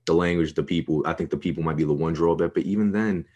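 This young New York co-host has a low-pitched, slightly mellow voice and talks fast, though the recording's highs are cut off. Swaggering and hyped, he curses freely as he pushes his picks during casual podcast banter.

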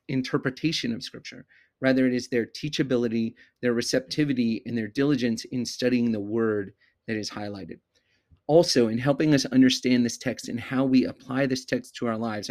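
A man with an ordinary mid-pitched voice walks listeners through a Bible passage on his podcast. He teaches in a measured, deliberate way and slows right down on the words he wants to stress. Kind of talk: expository Bible teaching monologue.

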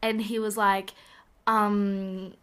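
A teenage girl telling a story in casual chat, animated and gushing with lots of "like", her voice slightly raspy from a cough. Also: medium pitch, drawn-out words. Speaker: podcast co-host.

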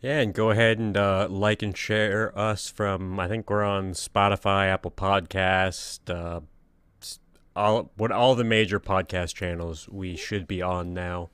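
A man's voice: deep voice, steady tone, measured pace, fairly bright tone, smooth, dry recording. Laid-back male podcast co-host. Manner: laid-back, hesitant, joking. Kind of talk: casual chat.

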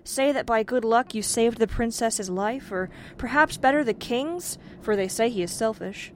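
A woman voicing Good Luck, a wise and patient male godfather spirit, speaking in calm, measured counsel during a storybook reading. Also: a little high, a little hiss or hum, voice pushed up, natural voice.

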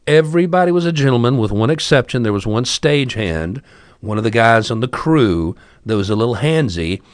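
Male storyteller, wry conversational asides, very lively delivery, mid pitch. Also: dry recording. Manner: wry, chatty, asides to the listener. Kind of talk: casual spoken storytelling.

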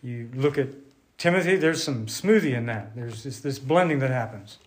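A man giving a sermon to a congregation, unhurried and conversational, thinking aloud with restarts while drawing on a board. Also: mid-range voice. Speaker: preacher.

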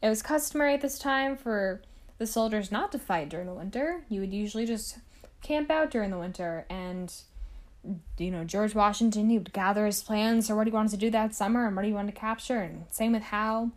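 A woman's voice: medium pitch, brisk. A woman hosting a podcast, telling a history story in a chatty, casual way with asides to the listener. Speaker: podcast host.

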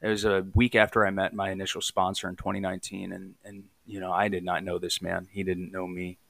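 A man's voice: deep voice, completely flat delivery, brisk, vocal fry, fairly bright tone. A man in recovery telling his story in a candid, raw podcast chat, swearing casually.

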